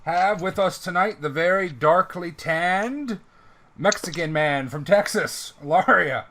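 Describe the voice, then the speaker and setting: A man's voice: sits high, slow, fairly bright tone, a little hiss or hum. A man hosting a tabletop game session, introducing players with teasing jokes in casual banter. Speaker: game master and show host.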